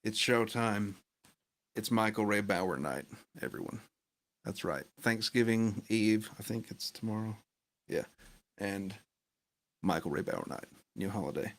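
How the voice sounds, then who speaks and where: Male stream host, low and monotone, dry and offhand. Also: unhurried, long pauses. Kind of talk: casual live-stream interview.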